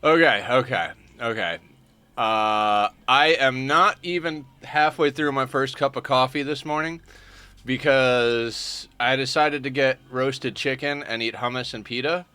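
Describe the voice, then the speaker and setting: A man's voice: medium pitch, measured pace, sharp tone, smooth, dry recording. A sleepy man chatting casually with his livestream chat, joking and greeting viewers by name. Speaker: streamer.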